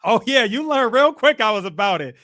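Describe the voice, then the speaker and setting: A man's voice: very high-pitched, expressive, brisk, pushed and bright. A young man from Chicago hosting a casual livestream, reading comments and teasing his viewers playfully. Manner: teasing, playful trash talk to chat. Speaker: livestream host.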